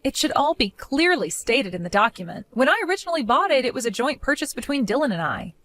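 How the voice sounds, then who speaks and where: A woman's voice: high voice, sing-song, quick pace, fairly bright tone. Woman playing a sarcastic, defiant daughter-in-law. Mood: mocking. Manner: sarcastic, mocking, laughs often. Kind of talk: animated storytime voice acting.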